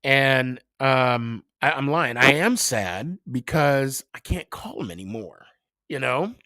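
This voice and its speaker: A man hosting a podcast, talking casually in a halting way, full of fillers and restarts. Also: mid-range voice, lively intonation, pushed and bright, dry recording, clean studio sound. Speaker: podcast host. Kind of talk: casual emotional monologue.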